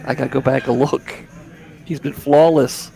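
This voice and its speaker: A man's voice: mid-range voice, fairly even intonation, moderate pace, gravelly, warm tone. A man giving easygoing, chatty live commentary on a poker table from a booth. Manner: chatty, easygoing, repeats words. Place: commentary booth at a card room.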